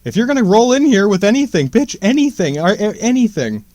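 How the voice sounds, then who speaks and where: A man with a high voice talks his way through a loose, profane monologue for his podcast, stumbling over false starts and slang. The sound is dry and close, with no room around it. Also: very animated, brisk, mellow, no room sound. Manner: profane, stammering restarts, slangy. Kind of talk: casual rambling monologue.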